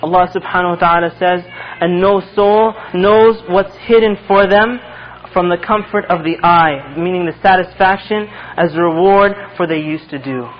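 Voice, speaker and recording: High-voiced man preaching a sermon. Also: moderate pace, dull audio. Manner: earnest storytelling, acting out dialogue.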